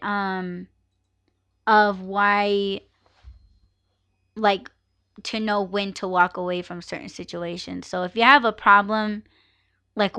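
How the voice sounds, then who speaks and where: A woman's voice: medium pitch, fairly bright tone, clear, resonant tone. A woman hosting her own live podcast, chatting casually and ranting with plenty of swearing and laughter. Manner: ranting, profane, laughs often. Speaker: podcast host.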